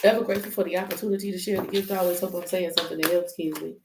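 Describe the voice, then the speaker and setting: A woman hosts a casual live-stream tarot reading, chatty and loose, addressing her viewers directly and swearing freely. Her fairly low voice has fairly even intonation and runs very fast, in an echoey room with faint noise.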